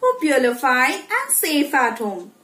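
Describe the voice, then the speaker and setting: A woman's voice: high voice, sing-song, bright, forceful tone. Sing-song woman teacher in an echoey room. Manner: slow, sing-song, repeats and checks with "okay?". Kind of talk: online phonics lesson for young children.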